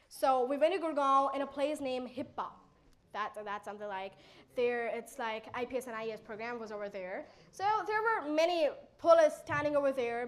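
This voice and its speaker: High-voiced teen girl, Indian accent. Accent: Indian English. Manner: animated, acts out quoted exchanges. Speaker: motivational speaker. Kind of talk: motivational storytelling talk.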